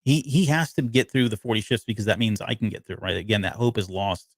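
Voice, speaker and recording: A man's voice: lowish voice, fast talker, no echo. A man co-hosting a podcast, casually breaking down a TV episode in a rambling way with lots of restarts. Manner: rambling, frequent restarts and fillers. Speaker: podcast co-host.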